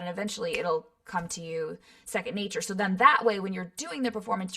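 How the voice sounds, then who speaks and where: A woman's voice: mid-range voice, a bit bright. Chatty woman voice actor, filler-heavy. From Los Angeles. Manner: chatty, many fillers and "right?" tags. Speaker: guest voice actor. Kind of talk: casual interview talk.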